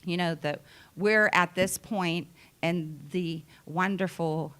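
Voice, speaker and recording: Woman preacher, sermon, slow and chatty, lowish bright voice. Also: fairly even intonation. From United States. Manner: unhurried, conversational preaching with asides.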